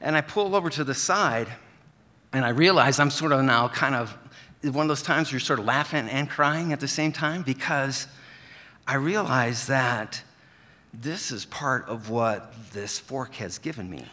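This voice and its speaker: A man telling a personal story on stage, earnest and gentle. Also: mid-range voice, unhurried, big-room sound. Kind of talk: live storytelling.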